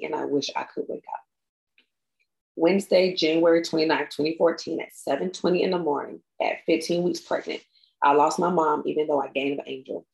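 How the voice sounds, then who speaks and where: A young woman reading a personal memorial tribute aloud, tearful and halting, stumbling and restarting as she goes. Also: low-pitched, creaky, rough recording. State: tearful, crying.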